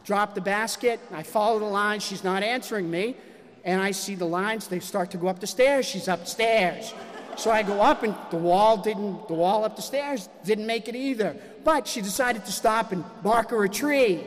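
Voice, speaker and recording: A man telling a personal story to a live audience, animated and self-mocking. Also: high voice, moderate pace, slight background noise. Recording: long hall reverb.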